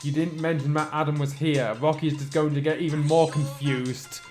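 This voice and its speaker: A man with a fairly high voice reads fan fiction aloud and keeps breaking off for wry, sarcastic asides. Faint music plays underneath. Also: steady tone, normal speed, darkish tone. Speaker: fan fiction reader and riffer. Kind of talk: comedic reading with commentary.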